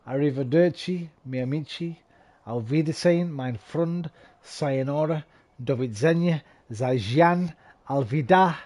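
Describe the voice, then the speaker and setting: A man's voice: fairly high pitch, unhurried. Tipsy, sweary man rambling. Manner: rambling, sweary, swings from loud bursts to mumbling. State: tipsy, slightly slurring. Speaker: game streamer. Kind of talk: casual stream chat.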